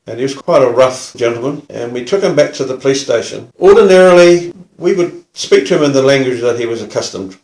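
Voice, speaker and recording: A man, a former police detective telling an anecdote in an unhurried, plain way with dry humour. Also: medium pitch, a little mellow. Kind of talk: casual spoken anecdote. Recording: echoey room.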